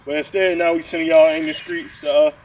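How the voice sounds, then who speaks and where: A man's voice: fairly high pitch, very animated, fairly quick, gravelly, darkish tone, distant mic, a little hiss or hum, poor audio. Rambling man on a podcast. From southern Georgia, US. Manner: rambling, repeats words, preachy asides. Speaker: podcast co-host. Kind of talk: casual podcast chat.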